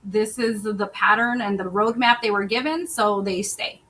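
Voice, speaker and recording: A woman's voice: mid-range voice, normal speed, fairly bright tone, a little hiss or hum, poor audio. A woman self-love coach and podcast host, talking in an earnest, conversational way about relationships and retelling stories in other people's voices. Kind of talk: personal monologue on relationships.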